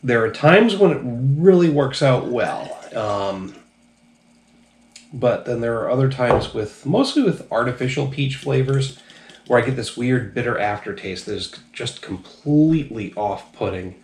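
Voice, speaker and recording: A man's voice: medium pitch, expressive, unhurried, a little mellow, roomy sound. A man casually reviewing drinks on his channel, a little tipsy, talking loosely and profanely with lots of ums. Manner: loose, profane, rambling with many fillers.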